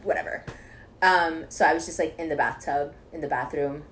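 A woman in casual chat, telling a story with animated bursts of laughing shouts. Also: sits low, normal speed, a little hiss or hum.

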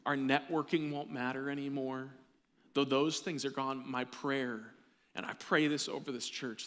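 Preaching pastor in an echoey hall. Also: male voice, medium pitch, a bit bright. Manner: preaching with rising intensity and emphatic slow repetition. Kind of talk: sermon. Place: church sanctuary.

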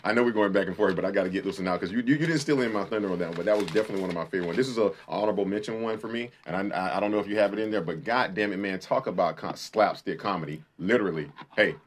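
A man's voice: deep voice, a little hiss or hum. A man co-hosting a podcast, casually talking about a film and acting out the lines he quotes. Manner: fast, animated retelling with acted-out quotes and swearing. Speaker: podcast co-host.

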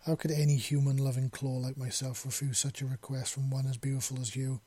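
A man reading the lines of a tender male creature lover, speaking in a soft, low growl. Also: level tone, a little fast, breathy edge, no room sound, lightly acted.

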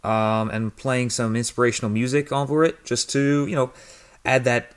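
A man's voice: medium pitch, level tone, normal speed, clear, resonant tone. A man hosting a podcast, introducing and commenting on a clip in a casual, hesitant way. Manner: hesitant, many fillers and restarts. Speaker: podcast host.

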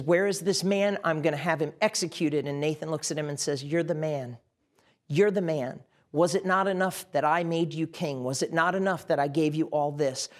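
Impassioned middle-aged male preacher. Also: fairly high pitch. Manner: impassioned, direct address, repeats phrases for emphasis. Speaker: pastor. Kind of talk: sermon.

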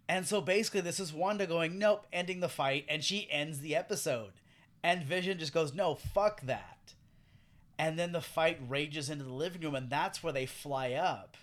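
A man co-hosting a casual podcast chat, talking animatedly, swearing freely and acting out quotes. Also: on the high side. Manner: animated, profane, acts out quotes. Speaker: podcast co-host. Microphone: headphones and studio mic.

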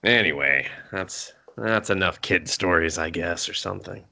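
A man's voice: sits low, normal speed, gravelly, pushed and bright. A man in his thirties co-hosting a podcast, telling family stories in casual chat, laughing often and swearing freely. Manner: laughing storyteller, swears freely, quotes people. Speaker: podcast co-host.

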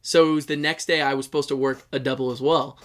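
A man's voice: medium pitch, little pitch movement, quick pace. A man co-hosting a podcast, telling a long rambling story in casual chat with his brother, full of fillers and swearing. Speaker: podcast co-host.

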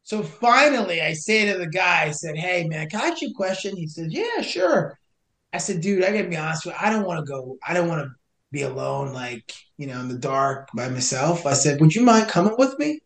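This young podcast guest, a search and rescue hiker, tells a hiking rescue story in a casual, animated way, voicing both people in the exchange. He speaks briskly in a fairly high voice with vocal fry, and the room is echoey.

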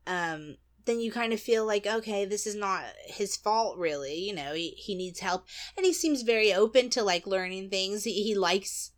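A woman's voice: medium pitch, lively intonation, moderate pace. A woman co-hosting a podcast in casual chat, laughing often and trailing off mid-sentence. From United States. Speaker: podcast co-host.

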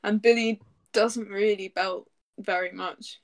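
A woman's voice: mid-range voice, steady tone, slow. A woman in casual chat about music, chatty and laughing often, often restarting her sentences.

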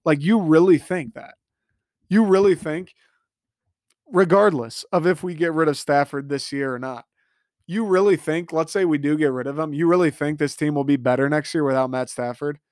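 Animated man ranting on a sports podcast. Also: a little high, moderate pace, dry recording, clean studio sound. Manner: animated, emphatic, swears freely. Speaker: podcast host. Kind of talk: solo sports podcast rant.

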